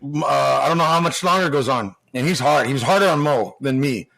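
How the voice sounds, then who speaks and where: A middle-aged man, a former hockey player and podcast guest, telling profane locker-room stories in a lively, casual way full of restarts. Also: mid-range voice, brisk, creaky. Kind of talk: casual storytelling chat.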